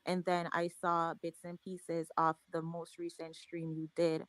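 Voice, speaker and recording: A woman's voice: fairly low pitch, completely flat delivery, measured pace, no echo. A woman on a panel discussion, speaking firmly and directly.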